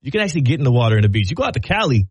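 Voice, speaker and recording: A man's voice: medium pitch, sing-song, racing, slightly rough, dry recording. A man interviewing a guest, upbeat and joking. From Texas. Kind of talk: casual interview chat.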